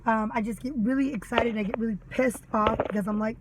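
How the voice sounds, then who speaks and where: A woman's voice: fairly high pitch, steady tone, fast, background noise. A mother ranting angrily to camera, sarcastic and full of swearing. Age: adult mother. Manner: heated, sarcastic, swears a lot. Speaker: vlogger. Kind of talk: angry ranting monologue.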